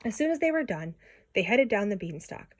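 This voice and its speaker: A woman reading a children's story aloud in an expressive way, with small slips and restarts. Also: mid-range voice, brisk, slight background noise. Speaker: storybook reader.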